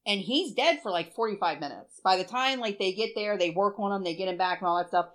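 A woman's voice: mid-range voice, brisk, a bit bright. Chatty swearing woman in her forties. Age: 40s. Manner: chatty, swearing, emotional storytelling. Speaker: podcast co-host. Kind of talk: casual chat.

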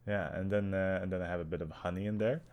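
Young swedish guy, deep voice, deadpan podcast chat, swears a lot. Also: fast talker, muffled recording. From Sweden. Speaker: podcast co-host. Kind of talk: casual chat.

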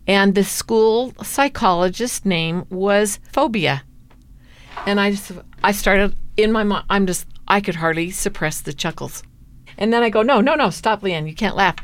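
A middle-aged woman from the United States, telling a personal story in an interview and laughing as she goes. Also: lowish voice.

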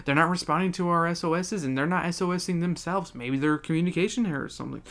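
A podcast host voicing a panicky male radio operator, high and frantic. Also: fast, a bit bright, close to an everyday voice. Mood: panicked.

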